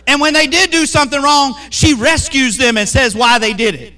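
A middle-aged man preaches, and his voice sits high and sounds bright and forceful. He talks in animated bursts and keeps asking the congregation questions. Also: normal speed. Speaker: pastor. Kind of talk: sermon.

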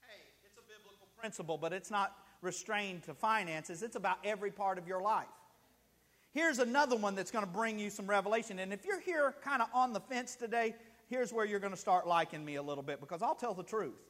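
In a church sanctuary, a pastor with a high-pitched, fairly bright voice preaches a sermon a little fast, with a long reverb tail. He tells stories and acts out the people in them, his emotion rising as the scenes unfold.

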